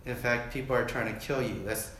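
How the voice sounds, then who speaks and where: With a steady tone and brisk delivery, a pastor with a mid-range, slightly bright voice jokes conversationally through his sermon and invites the congregation to answer. It's recorded in an echoey church hall with a little hiss or hum.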